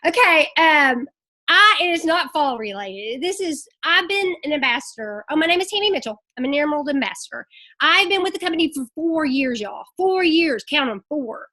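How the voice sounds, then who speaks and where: Lady on a group call, high voice, emotional and a bit scattered, chatty tips. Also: animated, normal speed, bright, forceful tone. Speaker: network marketing ambassador.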